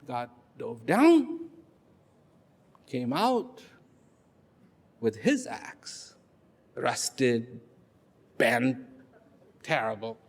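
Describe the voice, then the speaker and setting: Animated slow-talking male storyteller. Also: mid-range voice, husky. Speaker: speaker at a public event. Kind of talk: storytelling talk. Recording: long hall reverb.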